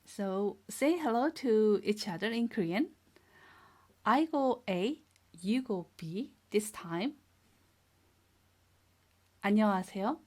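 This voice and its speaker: A woman teaching a beginner language lesson, speaking slowly and clearly, repeating each word and praising the learners. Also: mid-range voice, expressive, a little mellow. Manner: patient, drills words twice and praises learners. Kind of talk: slow, clear classroom instruction.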